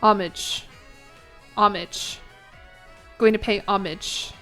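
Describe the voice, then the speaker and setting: A woman streamer chatting casually with her chat while playing a game, with giggly asides and thinking out loud. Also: medium pitch, steady tone, slow, soft background music.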